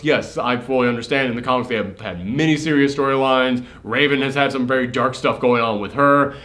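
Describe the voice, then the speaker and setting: A man hosting a casual movie reaction chat, animated, laughing and acting out scenes. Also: mid-range voice, a little fast, few pauses. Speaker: host.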